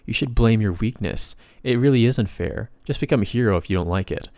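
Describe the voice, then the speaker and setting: A man's voice: on the low side, a little fast, warm tone, dry recording, close to an everyday voice. A man voicing a cruel, gloating male hero who commands golems, speaking in a mocking, taunting way in a story recap.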